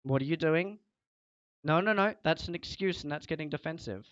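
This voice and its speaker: Young male game streamer, lecturing tone, higher voice, dry muffled mic. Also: moderate pace, dry recording. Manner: scolding, lecturing a teammate, voice rising. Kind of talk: casual game stream chat.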